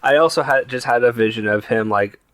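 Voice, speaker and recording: Male player, casual and amused, middling pitch, dry sound. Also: brisk, fairly bright tone, dry recording. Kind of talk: casual chat.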